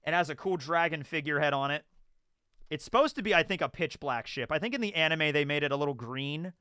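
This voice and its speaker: A man's voice: on the high side, animated, fast, bright, forceful tone, clean tone, no room sound, clean studio sound. A man hosting a video, telling stories and giving commentary in a rambling, conversational way with lots of fillers. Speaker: YouTube host. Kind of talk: casual storytelling and commentary.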